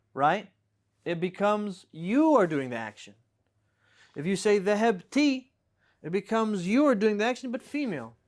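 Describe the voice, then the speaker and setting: A man teaching an Arabic grammar class, patiently explaining with repeated examples and checking in with students. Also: sits high. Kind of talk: classroom lesson.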